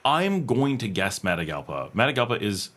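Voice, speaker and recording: A man's voice: fairly low pitch, big pitch swings, moderate pace, fairly bright tone. A man hosting a casual livestream from home, reading viewer comments aloud and answering them in a rambling, thinking-aloud way with many fillers and restarts. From United States. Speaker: livestream host. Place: home room with air conditioning.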